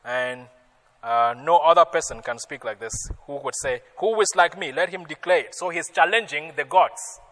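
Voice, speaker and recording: A male pastor preaching a sermon, emphatic and rising loudly when he quotes scripture. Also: on the high side, normal speed. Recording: long hall reverb.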